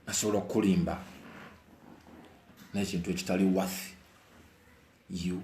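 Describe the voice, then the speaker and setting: A Ugandan man offers his opinion in a casual monologue, repeating phrases for emphasis and shifting between low, brooding talk and heated outbursts. His tone is level and mellow at a moderate pace, recorded in an echoey room with slight background noise.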